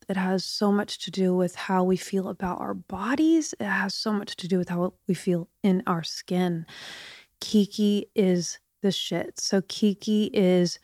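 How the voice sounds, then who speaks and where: A middle-aged woman talks straight to her listeners with a slight lisp, her jaw still stiff from surgery. Her voice sits at an ordinary pitch, and she chats in a confiding way, sometimes dropping to a whisper. The recording is close and dry. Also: mellow, dry recording. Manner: chatty, confiding, drops to whispers. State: recovering from jaw surgery, limited mouth movement. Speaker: podcast host. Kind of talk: casual chat.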